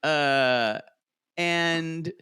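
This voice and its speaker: A man's voice: fairly high pitch, very slow, clean tone, no echo. A man co-hosting a podcast, chatting casually about a reality show and acting out what the cast members said. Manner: animated, quotes cast members in put-on voices. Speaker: podcast co-host.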